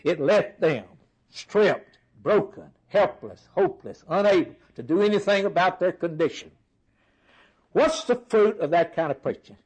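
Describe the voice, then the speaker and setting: A man's voice: high-pitched, lively intonation, measured pace, slightly rough, poor audio. A man preaching a sermon, stringing words into rhythmic, emphatic lists.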